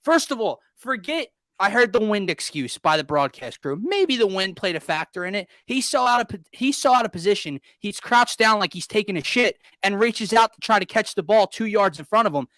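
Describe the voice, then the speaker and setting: A man's voice: high voice, expressive, a little fast, few pauses, pushed and bright, no room sound. A young man hosting a casual sports talk show, ranting in exasperation with sarcastic jabs. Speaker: podcast host.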